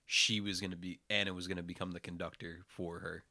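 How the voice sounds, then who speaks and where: A man's voice: low voice, level tone, fast, vocal fry, bright, forceful tone, no echo. A young man co-hosting a casual podcast, blunt and swearing, often laughing. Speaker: podcast co-host. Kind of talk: casual chat.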